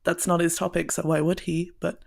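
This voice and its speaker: A woman's voice: lowish voice, level tone, brisk, vocal fry. A woman from northern England co-hosting a casual podcast chat, chatty and laughing at herself, a bit tipsy. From northern England (Burnley). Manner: chatty, laughing, self-mocking. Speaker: podcast co-host.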